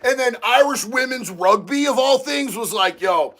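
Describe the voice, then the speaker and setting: A man hosting a casual livestream, reading viewer comments aloud and talking in an excitable, profane way that breaks into shouting. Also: very high-pitched, normal speed. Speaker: livestream host reading chat.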